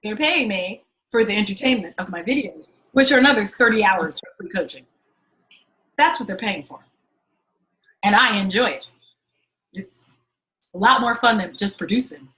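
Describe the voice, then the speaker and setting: A middle-aged woman coaching a class, talking candidly and with lots of swearing as she tells lively stories and pitches her course. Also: moderate pace, long pauses, poor audio. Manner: candid and profane, animated storytelling. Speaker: acting and fundraising coach. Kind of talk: casual teaching pitch.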